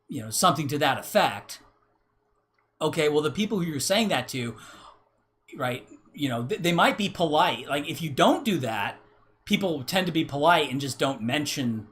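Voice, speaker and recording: A livestream host with a fairly high, fairly bright voice rants casually, rambling and repeating himself, swearing often and tagging points with "right?". There's slight background noise.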